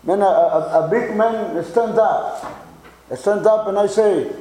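A man in his sixties from Mexico with a Mexican Spanish accent, giving a halting church testimony full of repeats and fillers. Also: high voice, warm tone, reverberant, rough recording. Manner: halting, many repeated words and fillers, chuckles.

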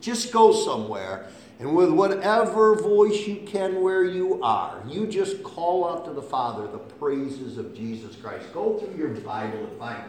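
A man preaching a sermon with impassioned delivery, swinging between hushed and loud. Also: a little high, very animated, measured pace. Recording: echoey room, faint hum.

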